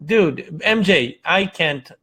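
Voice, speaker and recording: A man from Iran hosting a casual live show, telling stories in an animated way and acting out quotes. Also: fairly high pitch, takes it slowly. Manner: animated storytelling, acts out quotes, frequent fillers. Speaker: host.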